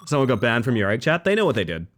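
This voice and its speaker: A young man chatting casually with his livestream audience, swinging between nervous mumbling and excited high outbursts. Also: fairly quick. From Western Australia.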